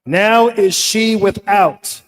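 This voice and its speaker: A man reading scripture aloud in a measured, deliberate way. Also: high voice. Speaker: scripture reader. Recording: long reverb in a hall.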